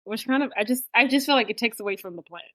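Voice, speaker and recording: A woman co-hosting a podcast recaps a film in casual chat, animatedly acting out the characters' lines. Her voice is fairly high and rapid-fire, with no room sound.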